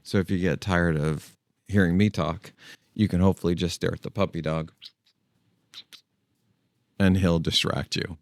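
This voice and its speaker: A man with a deep voice hosts his own tech channel in a casual solo video, recorded at studio quality with no echo. His tone is steady and his pace moderate, and he pauses often, thinking aloud and frequently starting over.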